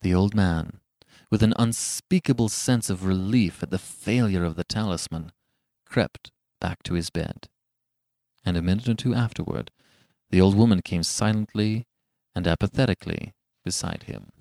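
A man narrating a horror story in a hushed, suspenseful way. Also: deep voice, moderate pace, vocal fry, dry recording, studio quality. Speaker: audiobook narrator.

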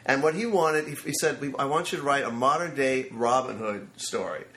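A screenwriter in his fifties, guesting in an anecdotal interview, tells stories into a studio microphone and animatedly acts out the voices of people he quotes. His voice is medium-pitched at a normal speed, with a roomy sound.

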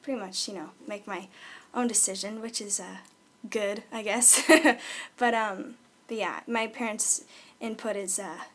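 A young female singer in a casual interview chat, relaxed and giggly, with lots of ums and likes. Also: mid-range voice, a little slow. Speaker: singer guest.

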